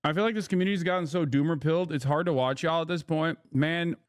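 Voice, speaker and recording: Streamer guy ranting sarcastically to chat, kinda high voice, swears a lot. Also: fast, dry recording. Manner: sarcastic, blunt, swears freely, talks back to chat. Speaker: live streamer. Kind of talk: casual political commentary.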